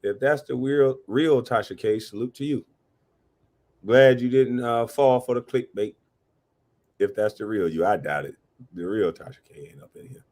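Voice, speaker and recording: A man hosting a live reaction stream, talking animatedly, cursing and giving shout-outs to his chat. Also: mid-range voice, normal speed. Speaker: livestream reaction host.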